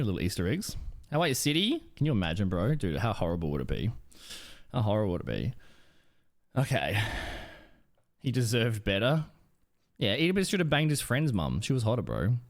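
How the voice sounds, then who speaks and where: A young man streaming a game live, chatting casually with viewers in an animated, crude, joking way. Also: mid-range voice. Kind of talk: casual live-stream chat while gaming.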